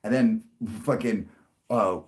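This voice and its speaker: A young man telling a long story to his livestream viewers, rambling and swearing, with many restarts and sudden loud bursts. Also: slow. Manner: rambling, profane, restarts a lot, jumps into loud high bursts for quoted voices. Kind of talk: casual storytelling to a live audience.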